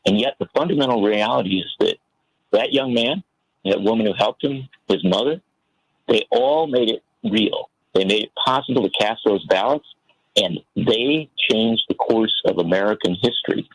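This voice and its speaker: A man's voice: on the low side, very animated, normal speed, vocal fry, breathy edge, no echo, poor audio. A man giving earnest, impassioned political commentary as a guest on a talk radio show, telling a story to make his point. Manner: earnest, impassioned, tells stories.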